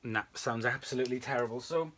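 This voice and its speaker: Bright-voiced British man, chatty vlog host. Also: medium pitch, quick pace. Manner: chatty, rambling, friendly. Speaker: vacuum restoration channel host. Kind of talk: casual workshop vlog.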